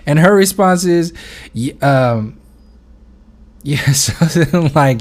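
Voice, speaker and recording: Man vlogger, loose and rambling, medium-pitched, swears a lot, talks straight to camera. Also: slow, darkish tone. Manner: rambling, full of fillers and restarts, swears freely. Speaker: video blogger. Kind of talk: unscripted monologue.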